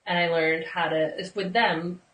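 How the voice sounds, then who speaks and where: A woman's voice: fairly low pitch, steady tone, measured pace, a bit bright. Chatty woman host, echoey room. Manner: chatty storyteller, laughs often. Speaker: interview host, former nanny. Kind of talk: casual interview. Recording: echoey room, distant mic.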